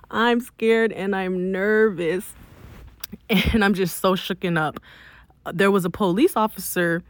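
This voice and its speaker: Lower-voiced young woman telling a story. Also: dry recording. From Miami. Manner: emphatic, animated retelling with frequent "like". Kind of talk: casual first-person storytelling.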